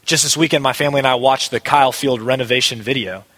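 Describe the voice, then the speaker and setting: A man's voice: mid-range voice, fairly even intonation, fast, fairly bright tone. A male pastor preaching a sermon, emphatic and repeating key phrases for weight. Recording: long hall reverb.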